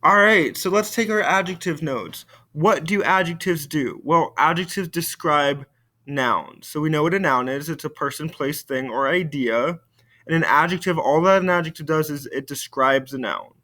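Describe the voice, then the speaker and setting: Man teaching French, slow and clear. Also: a little high, bright, forceful tone. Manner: slow, careful model pronunciation for students to repeat. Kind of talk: recorded video lesson.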